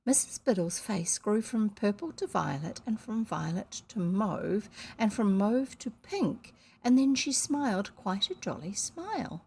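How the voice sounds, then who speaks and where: A woman's voice: medium pitch, lively intonation, a little slow, hardly any pauses, a little mellow, husky. A woman from New Zealand reading a children's novel aloud, breaking off for casual asides describing the pictures. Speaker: storybook reader.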